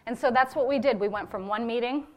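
A woman's voice: a little high, fast, highs cut off. Woman, church member reporting on a ministry trip, heartfelt testimony delivery. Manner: earnest and heartfelt, with fillers. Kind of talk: personal testimony to a congregation.

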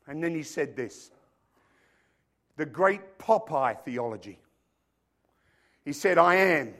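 A male preacher delivering a sermon, swinging between loud emphatic declarations and quiet joking asides. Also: fairly high pitch, expressive, slow pace, long pauses. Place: church hall with stage lights.

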